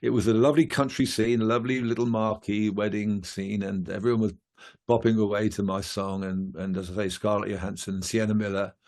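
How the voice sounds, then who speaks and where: Low male musician, casual interview guest, rambling with fillers. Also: little pitch movement, fairly quick, a little mellow. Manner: rambling, many fillers and restarts.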